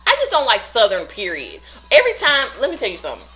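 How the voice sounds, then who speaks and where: A young woman talks as a podcast co-host. Her sassy, profane rants swing widely up and down in pitch. Her voice is bright and forceful. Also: huge pitch swings, quick pace, husky, faint music behind. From Louisiana, US. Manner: sassy, profane, rant-prone. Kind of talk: casual podcast chat.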